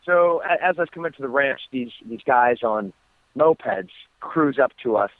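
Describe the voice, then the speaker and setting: Over a tinny phone line, an American man appearing as a guest fighter gives a phone interview at normal speed in a mid-range voice. He tells stories in a relaxed manner with lots of ums and restarts, and there's no room sound.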